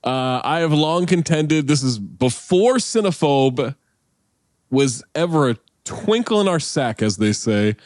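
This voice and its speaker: Lively-voiced man cracking jokes, dry mic. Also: a little high, measured pace, no echo. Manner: joking, laughs a lot, swears freely. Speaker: podcast co-host. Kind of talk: casual movie chat.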